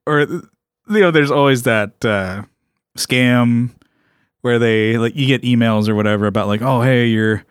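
A man's voice: mid-range voice, measured pace, clean tone, no echo, clean studio sound. A man co-hosting a casual comedy podcast who laughs a lot and eggs on the jokes. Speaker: podcast co-host.

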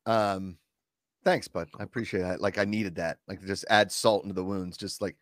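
A man in his twenties co-hosting a sports podcast, ranting in an animated, exasperated way in casual chat. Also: low-pitched, normal speed, dry recording, studio quality. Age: 20s. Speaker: podcast co-host.

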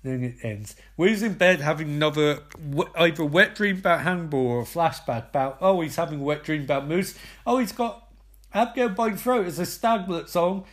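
A man giving a sweary comedic recap, mocking the scenes and swinging between high squeaks and low growls. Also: animated, a little fast, a bit bright.

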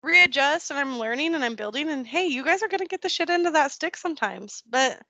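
Bright candid woman, laughing often. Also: sits high, lively intonation, fairly quick, no echo. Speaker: podcast guest. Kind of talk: casual conversation.

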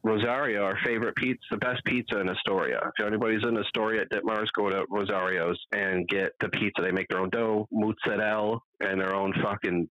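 A man's voice: fairly low pitch, fairly even intonation, fairly quick, few pauses, a bit bright, no room sound, highs cut off. Man telling rambling profane stories. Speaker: podcast co-host. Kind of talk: casual chat. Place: home.

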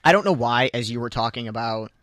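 A man's voice: mid-range voice, expressive, fast talker, a bit bright, no echo, clean studio sound. A young man co-hosting a radio show, bantering casually and teasing with frequent laughter. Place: radio studio.

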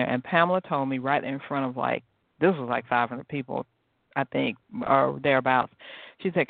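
A woman hosting a podcast on her own, chatting in a lively way and laughing often. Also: very deep voice, normal speed, creaky, no room sound. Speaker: podcast host. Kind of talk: casual solo talk. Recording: tinny phone-like sound.

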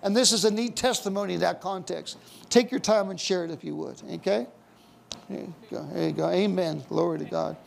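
A man's voice: high voice, brisk, gravelly, slight background noise. A male pastor leading a charismatic church service, fervent and punctuating his talk with amens and hallelujahs.

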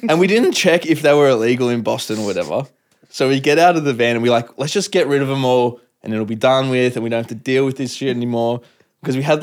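Brief: young Aussie man, easygoing podcast guest, loose rambling storyteller, lots of "like". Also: mid-range voice. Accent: Australian. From Australia. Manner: laid-back, rambling, full of "like". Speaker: podcast guest, touring musician. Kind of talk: casual chat, storytelling.

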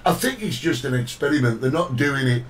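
A man's voice: medium pitch, lively intonation, fairly quick, far from the mic, slight background noise, rough recording. A man hosting a casual talk show, chatting and reading out viewer greetings. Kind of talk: casual chat.

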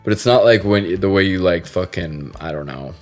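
With a low-pitched voice at normal speed, the man hosts a podcast as a casual, rambling conversation. He swears, drifts from topic to topic, and restarts often, while faint music sits behind him.

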